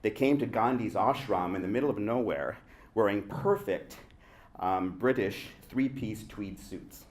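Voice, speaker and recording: A man's voice: fairly low pitch, measured pace. A man from the Indian subcontinent, an actor, giving a prepared panel speech to a room full of people, reflective and pressing his points with rhetorical questions. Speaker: actor speaking on a festival panel. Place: room with a live audience.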